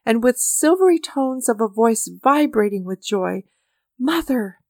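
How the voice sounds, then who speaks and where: A woman reading a story aloud as narrator, with measured, mournful storytelling. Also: fairly high pitch, animated, dry recording, clean studio sound. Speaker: audiobook narrator. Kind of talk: scripted narration.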